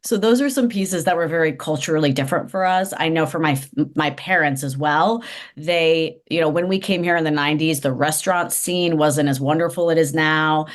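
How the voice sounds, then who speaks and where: A woman's voice: deep voice, brisk. A woman guest in a conversational interview, talking in a reflective, earnest way with frequent restarts. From United States. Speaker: interview guest, nonprofit CEO.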